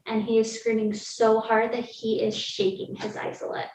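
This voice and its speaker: A woman's voice: on the high side, completely flat delivery, normal speed, a little mellow, slight background noise. A woman guest on a podcast telling a personal story in a candid, casual way, peppered with "like" and the odd laugh. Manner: candid, lots of "like", laughs through hard moments. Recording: roomy, distant, dull sound with faint ambience.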